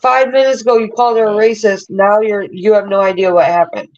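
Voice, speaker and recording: A woman's voice: medium pitch, steady tone, a little fast, a crowd in the background. A woman in a heated livestream argument, pressing accusations bluntly and swearing. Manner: confrontational, swearing, repeating accusations. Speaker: livestream participant. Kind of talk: heated group chat. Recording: muffled lo-fi audio.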